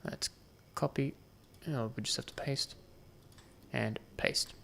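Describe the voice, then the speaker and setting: Gravelly man muttering gameplay commentary. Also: mid-range voice, steady tone, takes it slowly, a bit bright. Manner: thinking aloud, muttering counts to himself. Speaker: gaming channel host.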